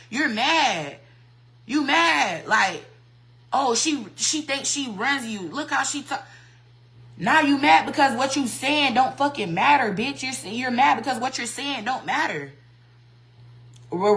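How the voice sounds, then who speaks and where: A woman's voice: on the high side, pushed and bright, low-quality recording. A woman hairstylist on a livestream, ranting heatedly and profanely and repeating herself. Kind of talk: livestream rant.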